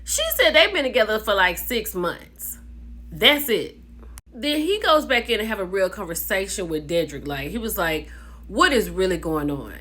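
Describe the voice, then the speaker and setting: A woman vlogger recapping a reality show in a casual gossip style, animated, calling viewers "baby" and "child". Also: mid-range voice, normal speed. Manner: animated storyteller, calls viewers "baby" and "child", laughs often.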